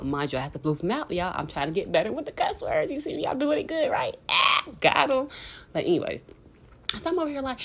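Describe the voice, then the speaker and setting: A woman's voice: high-pitched, big pitch swings, fairly quick, a bit bright, husky. A woman, telling a dramatic storytime in slangy casual chat. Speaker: vlogger.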